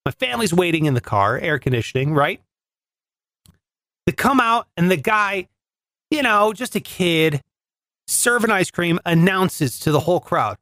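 A man's voice: sits high, very animated, measured pace, pauses often, a bit bright, dry recording, studio quality. A man hosting a podcast, telling a comedic story in a chatty, sarcastic way. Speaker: podcast host.

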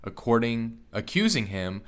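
A man's voice: medium pitch, big pitch swings, measured pace, smooth. A man co-hosting a podcast, chatting about basketball news in a hesitant way with many ums. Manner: hesitant, lots of ums, reads out news items. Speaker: podcast co-host. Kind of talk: casual sports chat.

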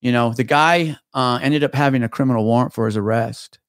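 A man, a retired police officer, telling a story in a casual podcast chat, profane and animated, with lots of restarts. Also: medium pitch, fairly quick, no echo, clean studio sound.

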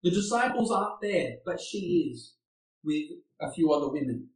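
A man's voice: on the high side, animated, moderate pace. A man preaching a sermon, earnest and asking his listeners rhetorical questions. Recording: echoey room, far from the mic.

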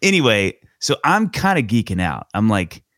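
A man in his forties with a lowish voice hosts a relaxed podcast chat. He tells his stories in an animated, enthusiastic way, and the sound is close and dry with no room around it. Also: normal speed, no echo. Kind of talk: casual storytelling chat.

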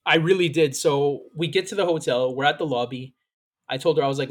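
A man with a slightly high voice tells a long story on a podcast, swearing often and bringing the story to life. He talks in a loose, casual way and slips into the voices of the people he quotes. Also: fairly quick. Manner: animated, profane, acts out quoted lines. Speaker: podcast host.

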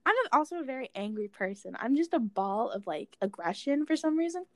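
A young woman rambles through a frank, casual chat, leaning on fillers and the odd swear word. Her voice sits a little high. The sound is dry and close, with no room echo. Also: expressive, a little fast.

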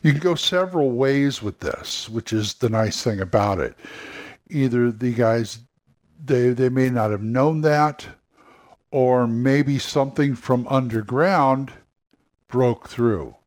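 A man's voice: mid-range voice, slow, darkish tone. A man hosting a solo podcast, brainstorming casually and rambling with frequent restarts and asides. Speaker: podcast host.

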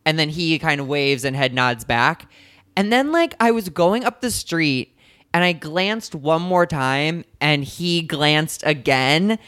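A young man co-hosting a podcast, telling a story in a casual, animated way. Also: on the high side, clean tone, no room sound, clean studio sound. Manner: animated, quick retelling with acted quotes. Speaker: podcast co-host.

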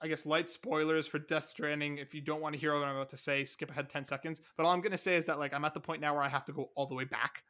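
A man hosting a podcast in casual chat, excitable and quick, swearing now and then. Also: a little high. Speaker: podcast host.

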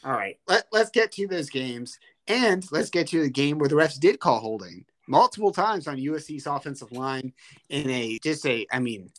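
A man's voice: fairly high pitch, expressive, moderate pace. A young man co-hosting a casual sports podcast, ranting heatedly and swearing freely. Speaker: podcast co-host.

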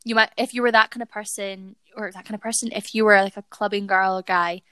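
A woman's voice: medium pitch, fairly even intonation, fast talker, pushed and bright, clean tone, dry recording. Young woman chatting on a podcast, giggly storyteller, dead dry mic. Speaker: podcast co-host. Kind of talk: casual chat.

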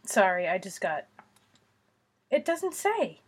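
A woman co-hosting a podcast in loose, casual chat. Her voice is breathy and husky, and she talks slowly. She teases her friend with a bouncy, swooping delivery and giggles often. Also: medium pitch. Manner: giggly, teasing, lively. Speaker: podcast co-host.

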